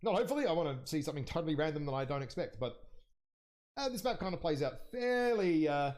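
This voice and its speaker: A young man casting an online game league match live, chatty and rambling as he thinks aloud, his voice jumping higher when something surprises him. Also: big pitch swings, quick pace, a little mellow. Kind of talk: live esports commentary.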